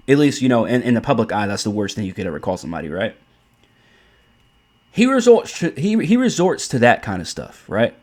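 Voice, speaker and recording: A man's voice: medium pitch, a little mellow. A man ranting in blunt, profane commentary, often repeating and restarting his points. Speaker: commentary host.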